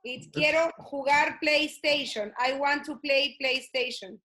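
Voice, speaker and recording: A woman's voice: high voice, unhurried, sharp tone. A woman from Peru with a Peruvian Spanish accent, a native Spanish speaker chatting in English over a video call, hesitant, with many fillers and self-corrections. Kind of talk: casual chat.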